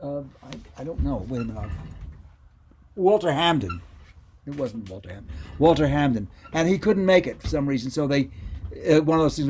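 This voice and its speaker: A former child radio actor, now older, is interviewed over video call and tells rambling, self-correcting stories in a casual, reminiscing way. His voice is medium-pitched, animated and darkish at a moderate pace, with slight background noise.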